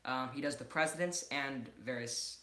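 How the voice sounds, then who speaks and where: A man's voice: medium pitch, normal speed, pushed and bright. A man hosting a casual livestream Q&A, playful and teasing. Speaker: host of the livestream. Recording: echoey room.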